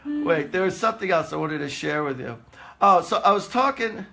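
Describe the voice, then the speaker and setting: A man's voice: a little high, animated, moderate pace, vocal fry, pushed and bright. A man, a psychic host chatting casually on a live stream, rambling and laughing often.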